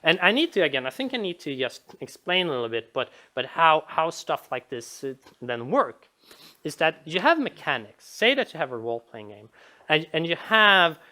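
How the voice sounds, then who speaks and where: A woman's voice: sits low, sing-song, normal speed, sharp tone. A woman giving a casual, rambling game design commentary, with frequent restarts and repeated words. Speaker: video essayist.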